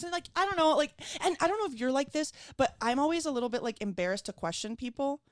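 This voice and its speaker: A woman from Venezuela tells a story in a casual studio chat, animated and heavy on fillers. Her voice sits a little high. The close mic sounds dry, with no room sound. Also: a little fast, no echo. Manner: animated, lots of fillers, voices quoted people. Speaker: guest.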